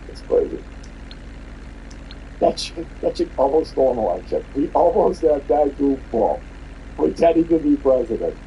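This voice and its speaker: Brief: male podcast host, furious mocking rant, pitch swinging widely, mellow tone, faint hiss behind. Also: animated, normal speed, long pauses, poor audio. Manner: profane, mocking, heated. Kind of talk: angry political rant.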